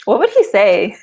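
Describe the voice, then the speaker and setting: A woman's voice: high voice, darkish tone. A woman giving a live-streamed tarot and oracle card reading, chatty and giggly, with a lot of "like" fillers.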